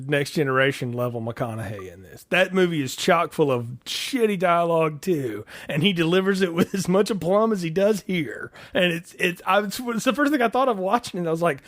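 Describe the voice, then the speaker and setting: An American man co-hosting a casual movie podcast, joking animatedly and acting out quotes. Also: sits high. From United States. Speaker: podcast co-host. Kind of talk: casual movie-review chat.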